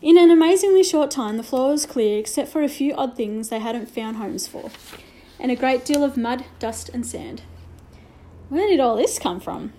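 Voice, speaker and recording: A woman reading a children's novel aloud with gentle storytelling and hushed asides. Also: high-pitched, moderate pace, slight background noise. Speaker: reader.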